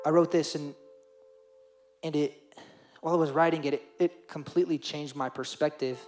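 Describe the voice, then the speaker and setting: A man's voice: on the high side, steady tone, moderate pace, a little mellow, soft background music. A young man preaching a sermon to teenagers as youth pastor, earnest and emotional, repeating phrases for emphasis.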